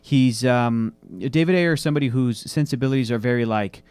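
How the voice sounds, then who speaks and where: A man co-hosting a casual movie talk show, sharing opinions and telling stories in an animated way. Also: mid-range voice, a little fast, clean tone, no echo. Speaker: co-host. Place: studio.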